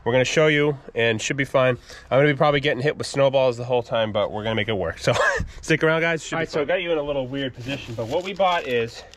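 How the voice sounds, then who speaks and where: A man's voice: mid-range voice, rapid-fire. A man hosting a homestead channel, talking outdoors through a casual do-it-yourself how-to and explaining each step with frequent ums. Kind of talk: casual DIY how-to vlog. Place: outdoors by a wood boiler after snowfall.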